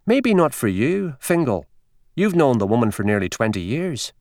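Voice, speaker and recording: A man's voice: mid-range voice, sing-song, moderate pace, darkish tone, no echo, clean studio sound. A man voicing an earnest, polite young country doctor in an audiobook reading.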